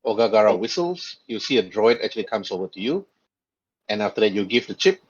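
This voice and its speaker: A man narrating as game master of a tabletop game, with quick put-on voices for side characters. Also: fairly low pitch, big pitch swings, breathy edge. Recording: dull lo-fi voice chat audio.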